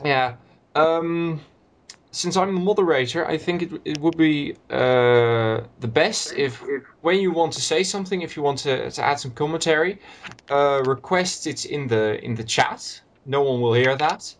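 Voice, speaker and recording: A man's voice: fairly high pitch, unhurried. Hesitant man moderating a podcast call. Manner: hesitant, many fillers and restarts. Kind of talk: casual group call chat.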